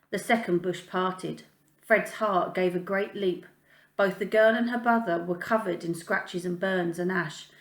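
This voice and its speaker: Woman teacher, calm read-aloud narration, lowish voice, roomy echo. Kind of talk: reading a children's novel aloud. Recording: echoey room.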